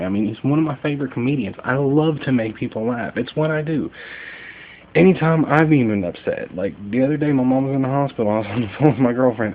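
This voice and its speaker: A man's voice: mid-range voice, phone-quality sound. A young man from Kentucky rambling casually at night from bed, joking and self-deprecating, with lots of fillers. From Kentucky, USA. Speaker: vlogger.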